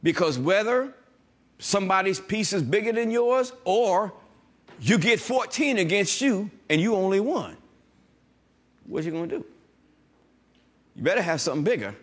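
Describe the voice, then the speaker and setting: Animated high-voiced man preaching a sermon. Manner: animated preaching with call-and-response asides; reads scripture slowly and emphatically. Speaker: pastor.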